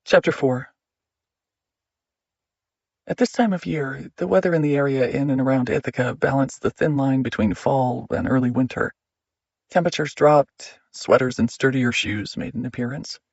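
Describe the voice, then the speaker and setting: A man narrating an audiobook in a measured, steady reading. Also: medium pitch, no echo, muffled recording.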